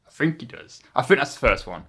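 A man co-hosting a casual film chat, agreeable and quick to confirm with short replies. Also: mid-range voice, expressive, a bit bright, breathy edge. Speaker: podcast co-host.

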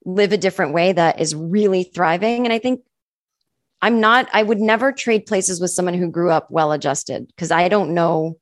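A chatty woman comedian, a guest on an interview show, with a faint Boston accent softened by California. Her voice sits low, and she talks in self-deprecating, animated asides. The recording is dry and close. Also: moderate pace, no room sound. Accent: faint Boston with California touches. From Boston area, USA. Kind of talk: casual interview chat.

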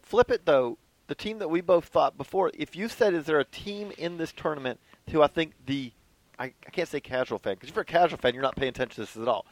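Male co-host, conversational explainer, a touch high-pitched, dry recording. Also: quick pace, no room sound, poor audio. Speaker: baseball podcast co-host. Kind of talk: casual sports chat.

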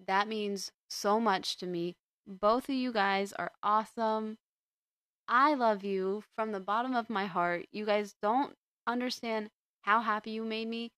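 A young woman talks casually on her podcast, rambling and restarting her sentences as she goes. Her voice is smooth and clear, recorded close up in a dry room with no echo. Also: medium pitch, measured pace, fairly bright tone. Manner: chatty and rambling, with many restarts. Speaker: podcast host. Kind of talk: casual chat.

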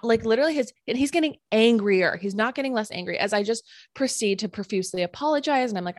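A woman telling a personal story in casual chat, animated and full of "like" fillers. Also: fairly high pitch, fast talker, hardly any pauses, no room sound, studio quality. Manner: animated, filler-heavy retelling with many "like"s.

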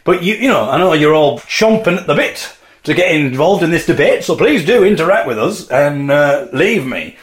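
A man's voice: a little high, lively intonation, normal speed. A man hosting a podcast alone, musing in a wry, playful way and acting out mock debates. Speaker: podcast host. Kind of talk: solo comic musing.

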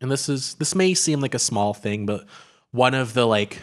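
An animated man with a mid-range voice talks at normal speed while co-hosting a podcast film review. He's casual and rambling, with frequent filler words and restarts.

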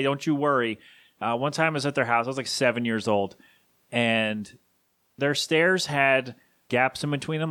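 Grieving man, halting podcast tribute. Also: mid-range voice, a bit bright, no echo, clean studio sound. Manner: halting, rambling, emotional. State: grieving, voice catching. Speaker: podcast host.

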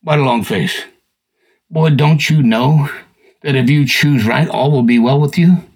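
A man voicing God as a stern, fatherly figure, speaking slowly and deeply. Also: a little mellow, slightly rough. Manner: slow, deep, paternal. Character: God, stern fatherly male voice warning a son.

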